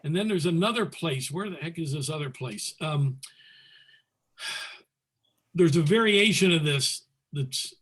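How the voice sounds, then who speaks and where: A man presenting a square dance calling lesson over a video call, explaining methodically and calling moves in crisp, clipped commands. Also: a little high, lively intonation, unhurried, pauses often, a bit bright. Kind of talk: teaching talk, calling demonstration calls.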